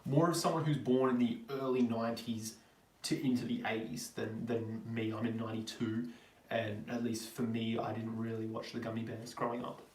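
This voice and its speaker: A man's voice: lowish voice, little pitch movement, normal speed, darkish tone. A young Australian man in his twenties, hosting a live-stream Q&A and answering viewers in a chatty, rambling way. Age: 20s. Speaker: vlogger host. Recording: roomy, distant from the mic.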